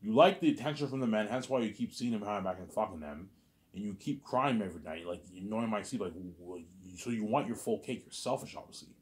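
A man with a fairly low voice rants in a long, rambling monologue. He repeats himself constantly and swears freely, his agitation rising and falling as he talks. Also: lively intonation, fast, a little mellow. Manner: repetitive, profane, agitated ranting. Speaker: vlogger.

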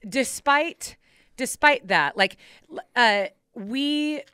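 Female podcast host, casual animated storyteller; smooth crisp tone, dry close sound. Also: high-pitched, extremely slow, no echo. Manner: animated, laughs often while telling stories.

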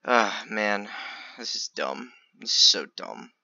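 A man commentating his online gambling in a casual video, stammering and swinging between loud excitement and quiet muttering. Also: lowish voice, slow, gravelly, dry recording, lo-fi sound. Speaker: gaming video creator.

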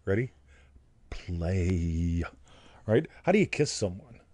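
Playful man with a lively voice. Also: low voice, slow, no echo. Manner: playful, joking and crude, keeps asking "right?". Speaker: co-host and teacher. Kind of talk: casual teaching chat on a livestream.

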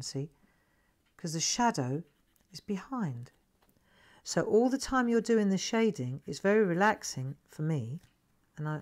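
A middle-aged woman with a fairly low voice leads a live craft lesson, chatting softly and encouraging her viewers to relax while she demonstrates.

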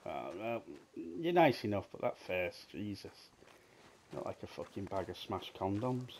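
A man's voice: fairly low pitch, very animated, unhurried, darkish tone, a little hiss or hum. A man giving crude, swearing, mocking commentary while playing a game. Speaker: gaming streamer. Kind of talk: gameplay commentary.

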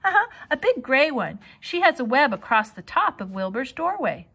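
A woman's voice: high-pitched, big pitch swings, normal speed, sharp tone, breathy edge, pitched above the performer's own voice, full character voice. A woman voicing an eager, chatty young farm girl.

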